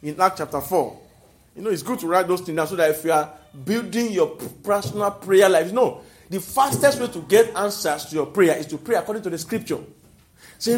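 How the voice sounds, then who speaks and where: A Nigerian man preaching with a high, lively voice that carries through an echoey hall. He keeps calling out to his listeners and breaks into laughter as he drives his points home. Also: a little fast. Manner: animated, calls out to the congregation, laughs often. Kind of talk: sermon.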